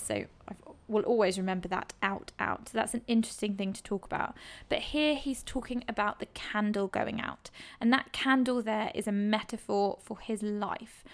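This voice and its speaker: A woman tutor explaining a set text for an exam in a chatty, enthusiastic way, with frequent ums. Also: mid-range voice.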